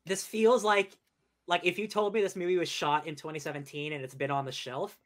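A man co-hosting a podcast, talking in an animated way with many fillers and quick jokes. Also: fairly high pitch. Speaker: podcast co-host. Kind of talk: casual chat.

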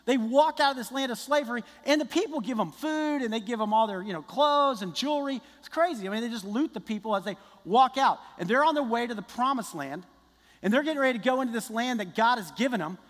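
Male pastor, high voice, lively conversational sermon, long hall reverb. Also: fast talker. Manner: conversational, animated preaching with restarts.

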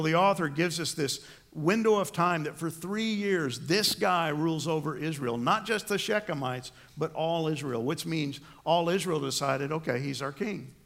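Man, middle-aged, pastor, sermon, gravelly, slightly high voice, acts out quotes. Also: a bit bright. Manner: storytelling with acted-out quotes.

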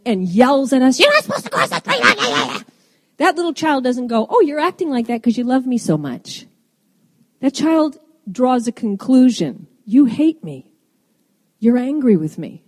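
A woman's voice: a little high, dark tone. A middle-aged woman giving a sermon, speaking in an earnest, emphatic way and asking her listeners rhetorical questions. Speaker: women's ministry speaker. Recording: long reverb in a large hall.

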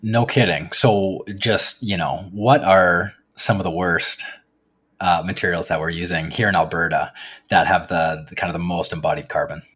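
A man's voice: low voice, steady tone, normal speed, fairly bright tone, breathy edge. A man co-hosting a podcast, asking curious, rambling questions in a casual way. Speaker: podcast co-host.

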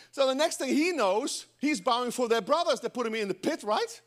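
A middle-aged man preaching a sermon in church, animated and breaking into joking asides to the congregation. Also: extremely high pitch, fast, hardly any pauses. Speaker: pastor.

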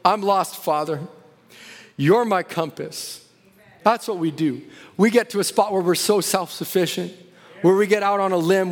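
A man preaching a sermon, telling a story dramatically and drawing quoted prayers out slowly, then building to emphatic preaching. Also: sits high. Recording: long echoing reverb of a large hall.

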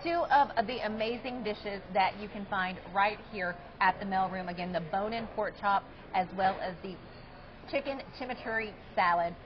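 A woman's voice: medium pitch, normal speed, lo-fi sound, background noise. A woman hosting a local TV show, chatting upbeat with a restaurant owner while tasting dishes on location. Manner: upbeat, chatty, describing food as she tastes. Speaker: TV show host. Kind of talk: casual on-location interview. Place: restaurant dining room.

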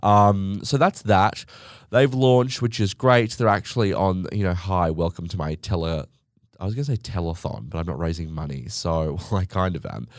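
A man's voice: sits low, fairly even intonation, moderate pace, no room sound, studio quality. A man chatting alone, telling stories in a sweary, theatrical way as a show host. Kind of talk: casual monologue.

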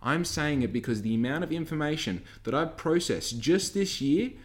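A man's voice: on the high side, lively intonation, moderate pace. A young man in his twenties who works a coffee van, talking in a casual monologue rant. He is cheeky and swears a lot, with heated outbursts. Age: 20s. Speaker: coffee van worker vlogging.

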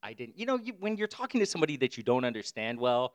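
A man tells a rambling story in casual chat. His pitch rises and falls with lively swings. He laughs easily between lines. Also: racing. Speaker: podcast co-host. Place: Brooklyn.

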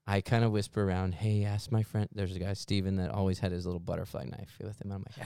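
A man's voice: low-pitched, level tone, quick pace, creaky, dark tone, clear, resonant tone, no echo. A young man, a podcast co-host, telling a rambling, self-deprecating story in casual chat and laughing often.

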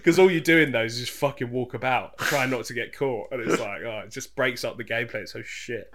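A man's voice: medium pitch, brisk, fairly bright tone. Man, podcast co-host, casual chat, laid-back, sardonic, swears.

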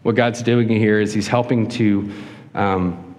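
A man preaching a sermon to a congregation, acting out whiny voices with a raised pitch. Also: fairly even intonation, takes it slowly, darkish tone. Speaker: pastor. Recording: long hall reverb.

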